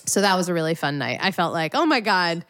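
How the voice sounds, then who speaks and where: A woman's voice: lowish voice, sing-song, quick pace, a bit bright, clear, resonant tone, no echo. A young woman hosting a podcast, chatting casually and filling her talk with "like". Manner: chatty, lots of fillers like "like". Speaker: podcast host. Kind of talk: casual interview chat.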